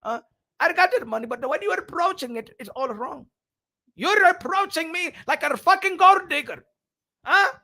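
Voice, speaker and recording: A shrieking furious rich financier. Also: male voice, extremely high pitch, moderate pace, pitched above the performer's own voice, heavily acted. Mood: indignant. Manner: indignant, shouting, scolding questions. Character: furious wealthy middle-aged male boxing financier.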